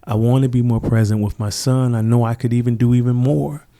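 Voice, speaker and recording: A middle-aged man speaks with a warm, mellow tone at an ordinary pitch. He talks earnestly and reflectively in a relaxed interview conversation, sometimes slipping into the voices of people he quotes. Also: a little fast. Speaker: podcast guest.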